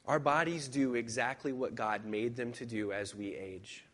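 A man preaching a sermon as pastor, speaking in a conversational, personal way with reflective pauses and emphatic repetition. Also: mid-range voice, fairly even intonation, fairly bright tone.

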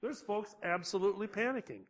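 A man preaching a sermon, slow and deliberate, building emphasis on key words. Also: sits high, a bit bright. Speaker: pastor.

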